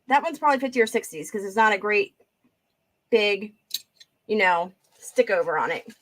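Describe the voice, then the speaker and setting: A woman's voice: medium pitch, expressive, normal speed, fairly bright tone. A woman hosting a casual live-stream auction, chatting with viewers by name while she looks over items and counts down sales.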